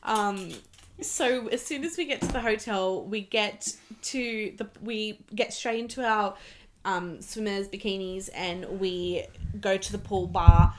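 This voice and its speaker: A woman's voice: mid-range voice, measured pace, a little hiss or hum. A woman, hosting a podcast and telling a story in casual chat, swearing freely and laughing often. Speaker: podcast host.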